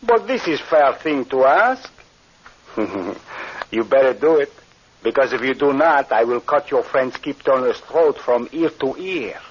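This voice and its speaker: An actor playing a menacing Spanish pirate with a Spanish accent and broken English, in 1940s radio acting on a dull old recording. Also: male voice, medium pitch, expressive, a little slow, breathy edge. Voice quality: broken English, sly threats.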